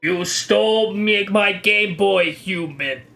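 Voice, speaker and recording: A man voicing a cursed, menacing video game plumber who speaks softly and taunts. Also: high-pitched, slow pace, vocal fry, faint music behind, full character voice. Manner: soft, sinister, mock-menacing with taunting laughs.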